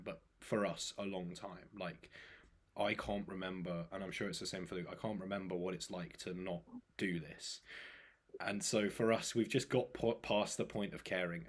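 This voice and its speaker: A young man co-hosting a fitness podcast, chatting casually and rambling through stories with lots of fillers. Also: low voice. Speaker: podcast co-host, fitness coach. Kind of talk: casual chat.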